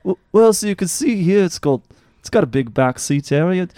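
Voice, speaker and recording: A man co-hosting an improv comedy podcast, playful and deadpan with stammering restarts. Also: high voice, brisk, dry recording, studio quality. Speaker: podcast co-host.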